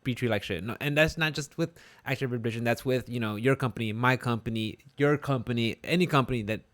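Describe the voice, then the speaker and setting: Young guy on a podcast, mid-pitched voice, easygoing and agreeable. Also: fast talker, fairly bright tone. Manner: agreeable, chimes in with short backing remarks. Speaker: podcast co-host. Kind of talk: casual chat.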